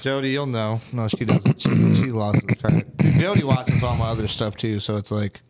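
A man's voice: medium pitch, normal speed, a little mellow. Laid-back swearing man chatting. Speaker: podcast co-host. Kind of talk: casual live-stream chat.

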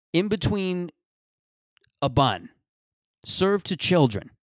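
A man's voice: medium pitch, no room sound, clean studio sound. A man from Mississauga, Canada, hosting a podcast and rambling through a sarcastic, profane comic monologue full of restarts. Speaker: podcast host.

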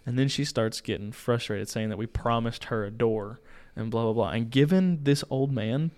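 Young man, podcast co-host, lively storytelling, acts out voices, average pitch. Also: normal speed. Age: young adult. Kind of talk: casual storytelling. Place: small home studio.

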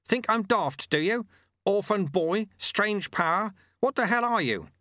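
A man voicing a fierce old monk sweeper, loud and lively. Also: fairly high pitch, normal speed, no echo, clean studio sound, pitched above the performer's own voice. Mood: urgent shouting. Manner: shouting, urgent, gruff.

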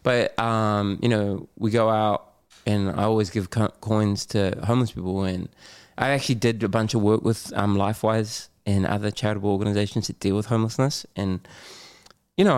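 Clear and resonant, his voice sits on the low side and moves a little fast. He's a middle-aged man from New Zealand guesting on a podcast, telling stories with energy, swearing freely, laughing a lot, and performing his own dialogue.

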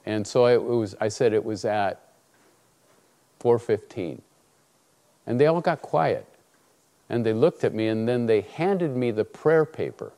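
A man's voice: on the low side, measured pace, pauses often. A man preaching a sermon, telling a personal story and acting out the dialogue in it. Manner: animated storytelling, acts out dialogue.

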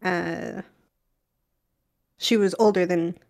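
A woman's voice: on the low side, fairly even intonation, takes it slowly, gravelly, a little mellow. Young woman chatting, hedging her points. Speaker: podcast co-host. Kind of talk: casual podcast chat.

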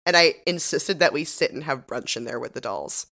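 A woman co-hosting a podcast, recapping a TV episode in giggly, animated casual chat. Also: sits low, normal speed. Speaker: podcast co-host.

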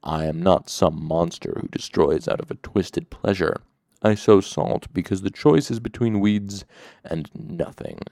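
A man's voice: low-pitched, measured pace, gravelly, dark tone, dry recording, studio quality. A man voicing Lanre, a grief-stricken and weary fallen hero, speaking heavily with despair in an audiobook reading. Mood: anguished. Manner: heavy and despairing.

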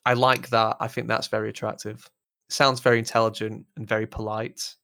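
A young man with a rough Lancashire accent, chatting casually as a podcast co-host, sweary and self-deprecating. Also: on the low side, little pitch movement, brisk, pushed and bright, no room sound, studio quality. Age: young adult. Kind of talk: casual chat.

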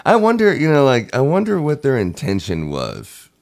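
A man's voice: medium pitch, huge pitch swings, normal speed, gravelly, no echo, clean studio sound. A man hosting a casual podcast chat, asking questions, laughing easily and using lots of fillers. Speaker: podcast host.

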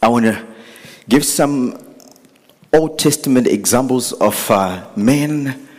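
A man's voice: lowish voice, darkish tone. A man preaching a sermon, earnest and building to impassioned pleading. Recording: echoey hall with long reverb.

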